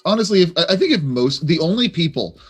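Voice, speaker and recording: A man's voice: a little high, very animated, fast talker, husky, faint music behind. A man chatting casually on a live stream, rambling playfully and stammering through many restarts. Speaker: chat show panelist.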